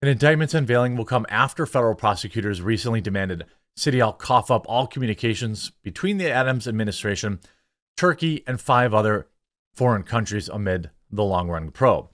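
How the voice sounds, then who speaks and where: A man's voice: mid-range voice, fairly bright tone, no echo, studio quality. A man hosting a political commentary show, reading news articles aloud and breaking in with sarcastic, opinionated remarks. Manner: sarcastic, opinionated asides between quoted passages.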